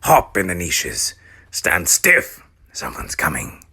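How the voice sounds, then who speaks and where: A man voicing a mysterious old male guide who mostly talks in hushed, urgent whispers, for an audiobook reading. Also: low voice, huge pitch swings, slow pace, husky, pitched above the performer's own voice, exaggerated voice.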